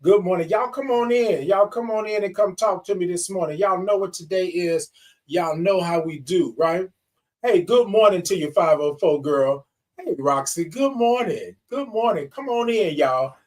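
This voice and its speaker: A man's voice: high voice, normal speed, recorded from a distance. A man hosting a morning livestream, calling viewers y'all and baby and singing out long good mornings. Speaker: host of a morning livestream show. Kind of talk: lively livestream greeting viewers.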